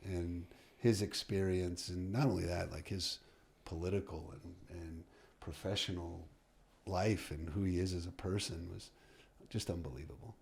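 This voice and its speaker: Lively storytelling coach, low voice. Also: male voice, moderate pace, gravelly, husky. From United States. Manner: lively storyteller who acts out dialogue, with many fillers and restarts. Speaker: soccer coach, podcast guest. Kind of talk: storytelling in a podcast interview.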